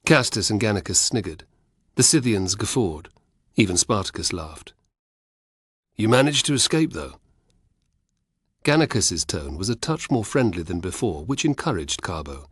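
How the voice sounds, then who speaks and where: A man narrating an audiobook in a steady storytelling manner. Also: low voice, normal speed, slightly rough, no room sound, clean studio sound.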